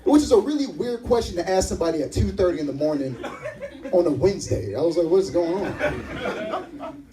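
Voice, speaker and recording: A man's voice: high-pitched, quick pace, recorded from a distance, low-quality recording. A young man performing a stand-up comedy set, telling stories and acting out the other people in them. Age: young adult. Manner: animated storytelling with acted-out voices. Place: live comedy venue.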